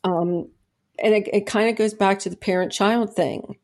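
A woman's voice: medium pitch, fairly even intonation, normal speed, darkish tone. A middle-aged woman, a podcast guest, talking earnestly and at length, with many restarts and fillers. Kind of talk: conversational interview, personal testimony.

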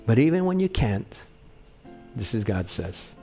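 A man's voice: mid-range voice, sing-song, unhurried, creaky, mellow, soft background music. Conversational male pastor preaching. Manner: conversational, often checks in with the congregation. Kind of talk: sermon with personal storytelling.

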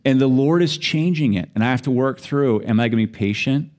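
A man's voice: medium pitch, fairly quick, a little mellow. A middle-aged man from the United States, a pastor preaching a sermon in a chatty, self-deprecating storytelling way. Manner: conversational, self-deprecating, laughs while telling stories.

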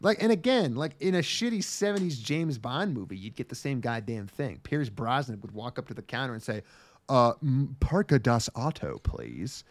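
Young man, podcast co-host, casual chat, profane, lively swinging pitch. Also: fairly quick, few pauses. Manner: animated, profane, acts out quotes in funny voices.

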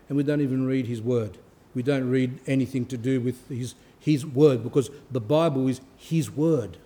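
A man who is a priest, giving an earnest sermon with pauses for emphasis. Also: medium pitch, mellow. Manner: earnest, pausing to stress points.

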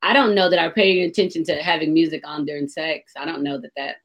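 A woman's voice: deep voice, steady tone, quick pace. A woman hosting a radio talk show, chatting openly and expressively and laughing easily.

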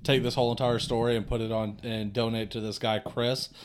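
A man co-hosting a podcast, explaining things in a relaxed, rambling way. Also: mid-range voice, fairly quick. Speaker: podcast co-host. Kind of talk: casual chat.

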